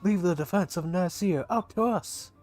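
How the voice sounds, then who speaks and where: A man's voice: high-pitched, normal speed, a little mellow, soft background music, voice pushed up, natural voice. A man voicing a boastful male artillery guard in an attempted Australian accent.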